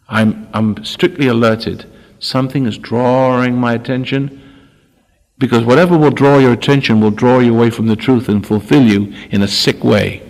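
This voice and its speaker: A man's voice: medium pitch, moderate pace, darkish tone. An older man giving a spiritual talk, often stopping, restarting and repeating words. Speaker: spiritual teacher. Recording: long hall reverb.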